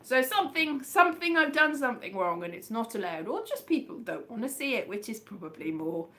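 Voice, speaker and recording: West Country woman comic, livestream chat host, rambling and self-mocking, bright high-ish voice. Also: big pitch swings, a little fast. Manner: rambling, self-deprecating, chatty. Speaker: comedian hosting a livestream.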